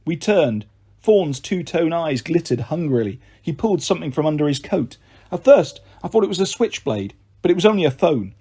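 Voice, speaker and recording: A man's voice: on the high side, very animated, normal speed, warm tone, husky. A man narrating an adventure novel in the first person as an audiobook. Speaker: storyteller.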